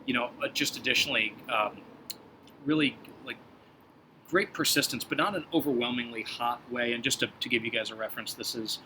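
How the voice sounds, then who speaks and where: A man hosting a casual whiskey review, talking through tasting notes in a measured, descriptive and reflective way. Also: medium pitch, background noise.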